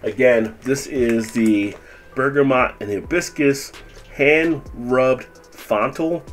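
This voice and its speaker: A man's voice: mid-range voice, slow. A man hosting his own food review video, chatting casually while tasting and talking with his mouth full. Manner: relaxed, chatty, tastes and comments with full mouth.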